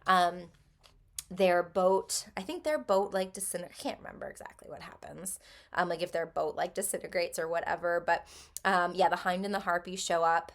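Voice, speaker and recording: A woman's voice: lowish voice, normal speed, creaky. A woman casually recapping a book plot in a chatty way, with many ums and likes. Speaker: book vlogger.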